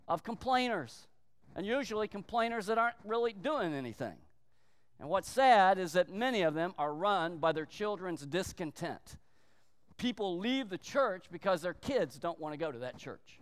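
A pastor's sermon fills a large hall, his high, clear, smooth voice carrying lively intonation. He speaks with emphasis, drawing out important words and briefly performing the lines he quotes.

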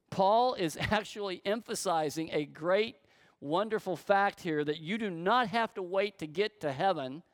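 A man preaching a sermon to his church, emphatic and slowing on key words. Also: sits high, no echo, studio quality. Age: adult, grew up in church. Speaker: pastor.

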